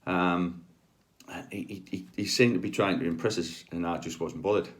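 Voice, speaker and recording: A man's voice: low voice, steady tone, moderate pace. A middle-aged man, a healer telling personal stories in a chatty, rambling way with many ums and asides. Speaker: spiritual healer. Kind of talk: casual anecdotal storytelling.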